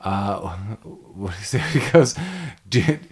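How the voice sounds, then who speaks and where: A man co-hosting a podcast, recapping a movie in casual chat and acting out scenes in quick quoted voices. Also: mid-range voice. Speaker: podcast co-host.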